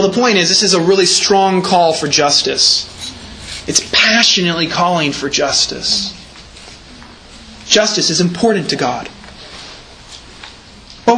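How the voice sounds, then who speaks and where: A man's voice: high voice, pushed and bright, slight background noise, rough recording. A man preaching a sermon in a church, explaining scripture carefully and leaning hard on repeated words for emphasis. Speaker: pastor.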